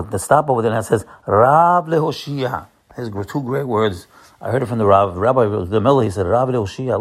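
Male preacher, husky, impassioned, swells into loud emphatic bursts. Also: mid-range voice. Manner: repetitive, walks listeners through prayer gestures. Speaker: religious teacher. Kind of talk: short inspirational sermon.

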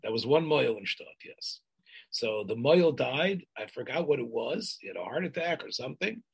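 Older man, husky, halting storytelling. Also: mid-range voice, lively intonation, poor audio. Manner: halting, many restarts, Yiddish and Hebrew terms. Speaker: interviewee. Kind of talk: oral history interview.

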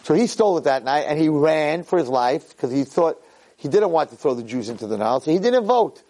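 A middle-aged man, a rabbi, giving a lively Torah lecture to a class and acting out the voices in his stories. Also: a little high, fairly quick. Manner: animated storyteller who acts out voices and cries out quoted lines.

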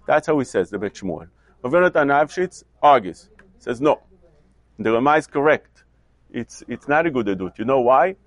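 A man teaching a Talmudic lecture, asking questions and answering them himself in an animated way. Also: mid-range voice, dry recording. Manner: animated, questioning, mixes Hebrew and Yiddish terms. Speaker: Torah teacher.

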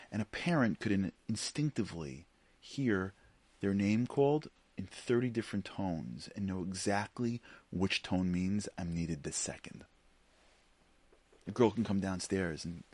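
A middle-aged Jewish teacher delivers a sermon, animatedly telling a story and acting out the characters' voices. His voice is low-pitched, with no echo.

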